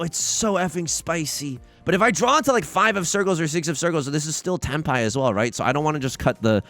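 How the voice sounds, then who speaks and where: Hosting a let's play, a young man gives excitable, self-mocking commentary on his game, swinging between muttering and shouting. His voice is mid-range and gravelly.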